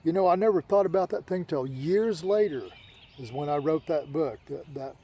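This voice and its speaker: A man's voice: fairly high pitch, normal speed, dark tone, husky, low-quality recording. A man telling a childhood story in a casual, rambling way, repeating words and restarting often.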